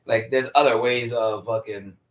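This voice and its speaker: A man's voice: mid-range voice, fairly even intonation, normal speed, a bit bright. A man in a casual late-night chat, laid-back, asking questions and hedging with "like". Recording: echoey room, mic far off.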